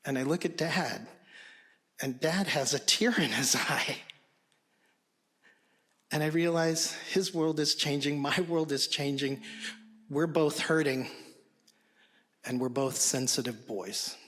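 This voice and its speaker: A man telling a personal story on stage, in a slow, hushed and halting way. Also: a little high.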